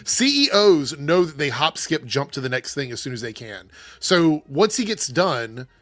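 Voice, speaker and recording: A man's voice: fairly high pitch, sing-song, normal speed, dry recording. A man hosting a casual panel livestream, reading viewer messages and giving blunt opinions. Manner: opinionated, blunt, reads super chats aloud.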